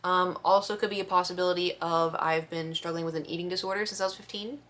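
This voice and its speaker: Woman vlogger, lowish voice but sharp n bright, chatty storyteller doing all the quotes. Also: fast talker. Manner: chatty, expressive storyteller who acts out quotes. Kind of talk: casual storytime chat.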